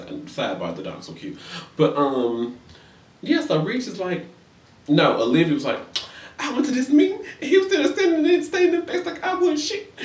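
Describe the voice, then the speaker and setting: Sassy guy recapping reality tv, pitch all over the place, echoey room, a bit away from the mic. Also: recorded from a distance. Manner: sassy and profane, acts out quotes in high voices. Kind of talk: casual comedic recap. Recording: roomy echo, a bit off-mic.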